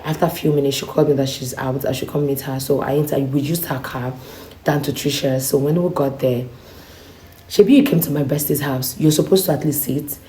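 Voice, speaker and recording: Low mellow-voiced Nigerian woman. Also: brisk, slight background noise. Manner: animated, acts out quoted dialogue. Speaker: vlogger. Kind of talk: casual storytelling to camera.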